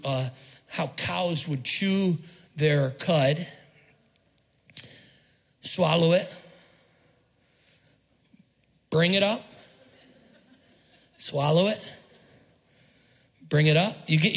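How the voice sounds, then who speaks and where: A man's voice: fairly high pitch, low-quality recording. A man preaching a sermon as pastor, emphatic and repetitive, prompting the congregation to call out answers. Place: church auditorium.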